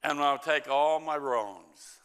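Slow and emphatic, a middle-aged pastor delivers a sermon and reads from scripture, frequently falling to a quieter level. His slightly high voice has a clean tone.

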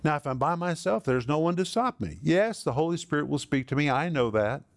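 A man's voice: on the high side, expressive, fairly quick, vocal fry, dry recording. A man preaching a sermon as pastor, candid and practical, building points with dramatic repetition.

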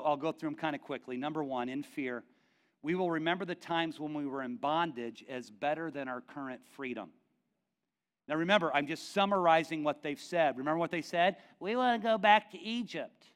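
Give me an animated man pastor delivering a sermon with humor, slightly high-pitched. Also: a little fast, clear, resonant tone. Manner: animated, joking, with laughs.

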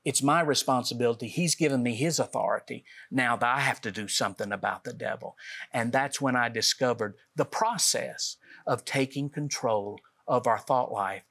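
A man tells the story of his own experience as a talk show guest. His telling is earnest, and he acts out the conversations he recounts. His voice sits at an ordinary middle pitch. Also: moderate pace, creaky, fairly bright tone. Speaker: guest author. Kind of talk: personal testimony on a talk show.

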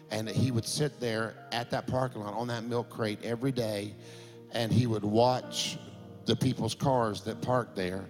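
A middle-aged man, a pastor telling a story in a sermon that builds to impassioned shouting. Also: fairly low pitch.

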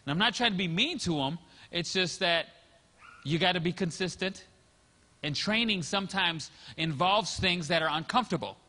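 High-voiced preaching pastor in reverberant hall. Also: male voice, lively intonation, normal speed, sharp tone. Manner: storytelling, acts out quotes. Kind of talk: sermon.

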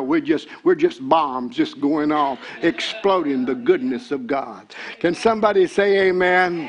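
An older man, preaching a sermon as pastor. He repeats words and builds to shouted excitement. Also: a little high, normal speed, slight background noise.

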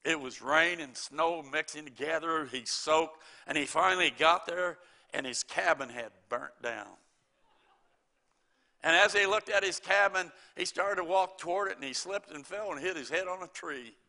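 A man's voice: a little high, moderate pace, sharp tone. A middle-aged man preaching a sermon, quoting scripture and telling folksy stories with chuckles.

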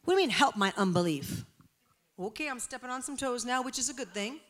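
Woman, preacher, sermon, passionate, fairly high-pitched, hushed-to-emphatic swings. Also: very fast.

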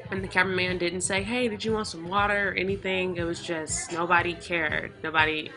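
A woman's voice: fairly low pitch, fairly even intonation, fairly quick, pushed and bright, soft background music. A young woman vlogging casually from a family party, chatting playfully to her viewers with laughing asides. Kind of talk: casual vlog chat.

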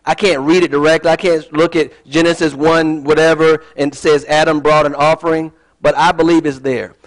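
A man's voice: on the high side, low-quality recording. A man giving a casual sermon as a Bible teacher, chatty and digressive, with joking asides.

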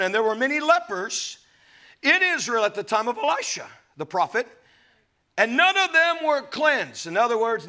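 High bright-voiced guy preaching, super animated, goes loud then soft, chuckles in between. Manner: dramatic preaching, swings loud and soft, voices Jesus in quotes; laughs between points. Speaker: pastor. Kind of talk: sermon.

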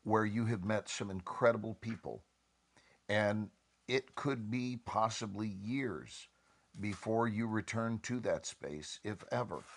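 An actor appearing as a guest on a panel talk speaks in a measured, deliberate manner, his inflection shifting expressively. His voice sits fairly low and carries some vocal fry.

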